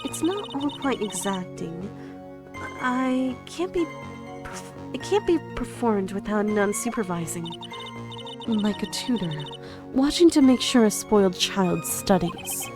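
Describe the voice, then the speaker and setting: A woman voicing a boastful, bubbly elderly head nun, reading her lines loudly over game music. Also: medium pitch, lively intonation, measured pace, natural voice. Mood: explaining.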